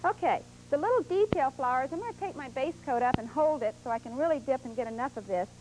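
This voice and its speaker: A woman's voice: high voice, lively intonation, fast talker, background noise. A woman hosting a televised painting lesson, patiently explaining each step as she paints in a studio. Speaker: painting instructor.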